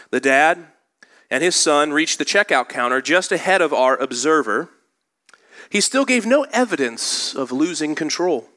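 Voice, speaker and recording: A male pastor preaching a sermon in a church, moving from slow scripture reading into lively storytelling. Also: on the high side.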